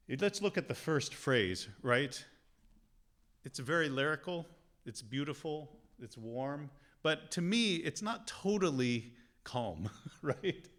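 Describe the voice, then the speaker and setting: Male lecturer, mid pitch, relaxed halting delivery, hums musical examples. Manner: casual and halting, many fillers, sings phrases aloud. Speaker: piano teacher giving a lecture.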